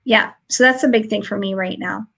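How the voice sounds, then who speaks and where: A woman's voice: medium pitch, fairly quick, gravelly, a bit bright, rough recording. A woman podcast host chatting casually from home over a remote stream, telling stories and laughing often. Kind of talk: casual chat.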